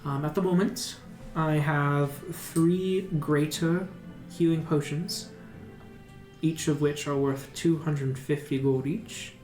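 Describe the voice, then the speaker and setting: A man's voice: on the high side, fairly even intonation, slow, a little mellow. A man doing a genial priest selling potions. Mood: businesslike. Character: genial male priest running a potion shop. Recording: roomy room, music behind.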